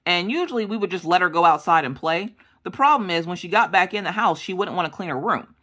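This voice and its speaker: A woman's voice: fairly low pitch, expressive, fast talker, a bit bright. A woman in her thirties chatting casually while she crafts, rambling through family stories and acting out the dialogue. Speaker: crafting vlogger.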